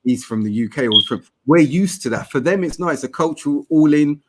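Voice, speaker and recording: A middle-aged man with a South London accent, hosting a podcast discussion in a measured, explanatory way. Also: fairly high pitch, expressive, very noisy. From South London, England. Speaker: podcast host.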